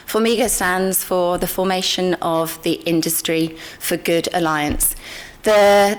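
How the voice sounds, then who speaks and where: Low-voiced woman hosting a conference. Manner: informal, with frequent ums and restarts. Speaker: conference host. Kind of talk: conference opening remarks.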